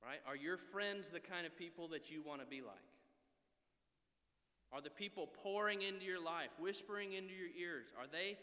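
A man in his thirties preaching a sermon, earnest and exhorting, often checking in with his listeners with a quick "right?". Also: a little high, pushed and bright. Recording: long reverb of a large hall.

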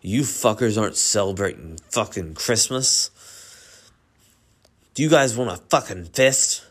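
A man voicing a gruff, cursing older male town mayor, crude and blustering, only lightly changed from his own voice. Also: on the low side, animated, unhurried. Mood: angry.

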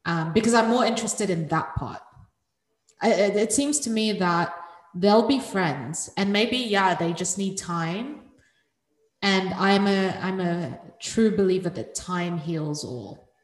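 A woman's voice: mid-range voice, takes it slowly. A woman co-hosting a podcast, talking through a listener's problem in a thoughtful, casual way. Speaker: podcast co-host. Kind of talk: casual advice chat. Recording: roomy with long reverb.

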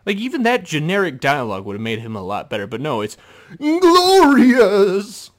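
A man hosting a casual solo podcast, his voice sitting at an ordinary middle pitch. He talks in an animated way about a movie, laughing often. He drops into mocking impressions of the characters as he goes. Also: fast. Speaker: podcast host.

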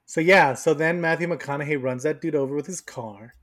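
A man's voice: fairly high pitch, a little fast, a bit bright. A man co-hosting a podcast, casually and animatedly retelling movie scenes and laughing as he goes. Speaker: podcast co-host. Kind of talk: casual chat.

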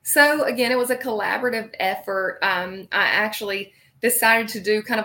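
A woman's voice: medium pitch, steady tone, a little fast, hardly any pauses, bright, forceful tone. A woman with a Southern US accent, speaking as an interview guest in a casual, upbeat way with lots of fillers. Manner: casual and upbeat, many likes. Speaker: guest, practice consultant. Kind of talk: interview chat.

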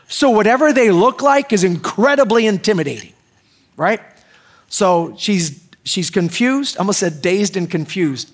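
A man in middle age delivers a sermon with a relaxed, joking ease. His voice sits high for a man. He keeps asking the congregation questions as if chatting with them. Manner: joking, conversational, asks the crowd questions. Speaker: pastor.

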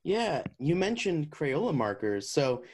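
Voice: medium pitch, very animated, unhurried, a crowd in the background. A young podcast co-host chatting casually, teasing and swearing playfully. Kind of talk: casual chat.

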